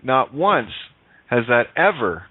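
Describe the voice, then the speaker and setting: A man hosting a casual call-in radio show, animated, swearing and laughing often. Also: mid-range voice, takes it slowly, slightly rough, no echo. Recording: phone-line radio audio.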